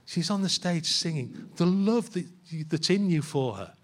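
A man's voice: high voice, lively intonation, a little slow. A man, a pastor, preaching a sermon in a church in a conversational way and asking his listeners rhetorical questions.

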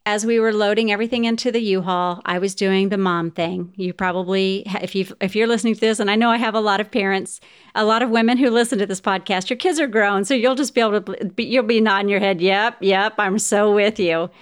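A middle-aged podcast host shares a personal story with heartfelt warmth, speaking directly to her listeners. Her medium-pitched voice is steady, clear and resonant, and she talks fast.

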